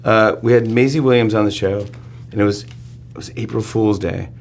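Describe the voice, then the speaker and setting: A man in his forties, a talk show host appearing as a guest in a studio interview, who tells an excitable story, laughs often and acts out the quotes. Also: lowish voice, normal speed, slight background noise.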